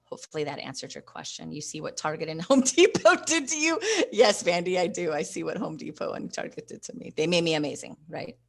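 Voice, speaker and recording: Low gravelly woman coaching live online. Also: expressive, a little fast, few pauses. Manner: encouraging, coaching, reads viewer comments aloud. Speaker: host and investing coach. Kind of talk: live online training session.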